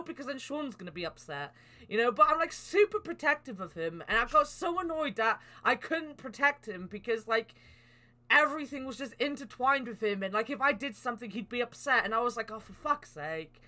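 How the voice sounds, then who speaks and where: Bright high-voiced woman. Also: a little fast. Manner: animated, swears freely. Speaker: podcast host. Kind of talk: casual chat.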